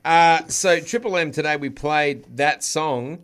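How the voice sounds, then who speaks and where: A middle-aged man with an Australian accent, a radio host chatting casually on a podcast and telling stories with animated asides. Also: on the high side, measured pace, crowd noise. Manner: storytelling, acts out other voices.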